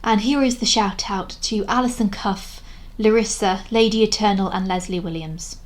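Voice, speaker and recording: A woman's voice: medium pitch, steady tone, moderate pace. A young woman giving a casual vlog commentary, talking frankly and rambling with many restarts, sounding exasperated. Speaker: video creator reviewing a historical drama.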